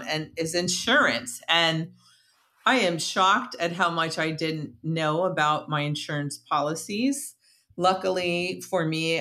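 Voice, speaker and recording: A woman's voice: deep voice, a bit bright. A woman hosting an interview podcast, bubbly and talkative, chatting casually with her guest and laughing easily. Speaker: podcast host.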